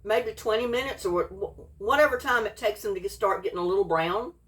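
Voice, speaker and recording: A woman's voice: mid-range voice, a little fast, fairly bright tone, distant mic. A woman, chatting folksily in a home cooking vlog and tasting her food as she talks. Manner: folksy, chatty, eats while talking.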